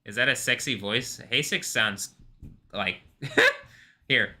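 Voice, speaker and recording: A man's voice: mid-range voice, takes it slowly, sharp tone. A man hosting a live stream, chatting casually in a rambling way, laughing often and swearing freely. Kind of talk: casual reaction stream commentary.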